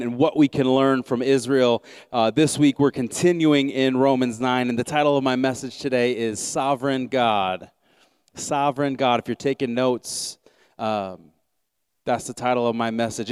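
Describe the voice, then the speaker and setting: A man's voice: mid-range voice, a little mellow, clear, resonant tone, no room sound, studio quality. A man with an American accent preaching a sermon in a casual, conversational way with many fillers and restarts. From United States. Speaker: pastor.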